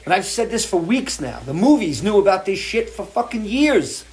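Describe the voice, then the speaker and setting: A middle-aged man hosts a live show from his porch, with a voice that sits slightly high. He talks bluntly and swears a lot. His emotional rant keeps pushing forward. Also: big pitch swings, moderate pace. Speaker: show host. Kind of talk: impassioned live-stream rant. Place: porch, outdoors.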